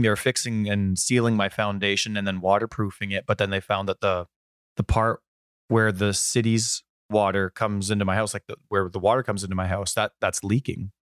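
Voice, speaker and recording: A man in his thirties co-hosting a gaming podcast, a bit hoarse, rambling casually through stories from home. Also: lowish voice, dry recording, clean studio sound. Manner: rambling, chatty storyteller. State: hoarse from a sore voice. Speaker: podcast co-host. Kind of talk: casual chat.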